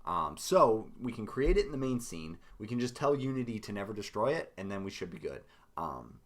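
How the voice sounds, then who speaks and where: A man with a deepish, raspy voice walks through his code live, his pitch rising and falling a lot as he thinks aloud. He sounds hoarse and low on energy and keeps stopping on ums and half-finished phrases. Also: big pitch swings, a little fast. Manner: rambling, hesitant, many ums and restarts. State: hoarse with a cough, lower energy. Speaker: game dev streamer.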